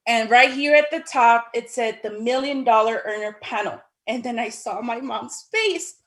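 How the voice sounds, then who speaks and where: A woman casually telling her own story in an animated way, acting out the dialogue with sudden high exclamations. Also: normal speed.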